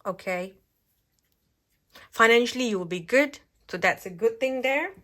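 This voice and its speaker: A woman's voice: fairly high pitch, expressive, measured pace, fairly bright tone. A woman giving a pick-a-card tarot reading at home, chatty and reassuring, often checking in with "okay?". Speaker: tarot reader. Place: home, at a table with cards.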